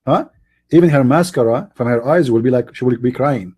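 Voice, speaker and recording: A man hosting a live debate show, speaking in a sarcastic, mocking way, somewhat hoarse and coughing now and then, with slightly non-native English phrasing. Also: medium pitch, fairly quick, dark tone. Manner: mocking, sarcastic, mimics voices.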